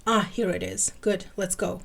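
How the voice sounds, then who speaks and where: A woman's voice: mid-range voice, steady tone, normal speed, vocal fry, fairly bright tone. A woman voicing an impatient, theatrical male rogue agent in a fan-fiction reading, exasperated and conspiratorial.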